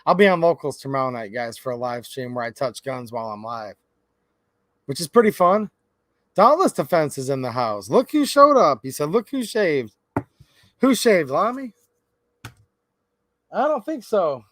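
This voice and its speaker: A man's voice: medium pitch, big pitch swings, moderate pace, long pauses, a bit bright, no echo. A man hosting a casual livestream, greeting viewers by name in a chatty, upbeat way and calling them man and dude. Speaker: livestream host.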